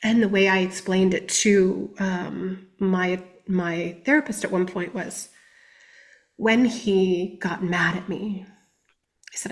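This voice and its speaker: A woman giving candid personal testimony as a guest on a podcast interview, reflective and often speaking quietly. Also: medium pitch, steady tone, takes it slowly.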